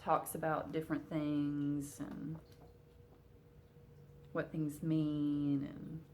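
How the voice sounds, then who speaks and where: A woman's voice: sits low, completely flat delivery, very slow, warm tone, a little hiss or hum. A woman vlogger chatting casually to camera at home, with many fillers and a touch of hiccups. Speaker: cross-stitch vlogger.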